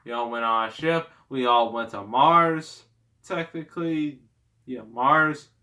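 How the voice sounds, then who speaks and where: A man's voice: medium pitch, measured pace, sharp tone. A man giving a casual, rambling movie review, sarcastic, with lots of fillers.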